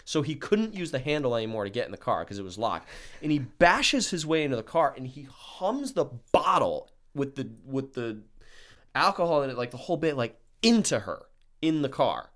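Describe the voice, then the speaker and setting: A young man with a mid-range voice and a moderate pace tells a wild story on a podcast. He's animated and casual, swears a lot, and acts out the things people said.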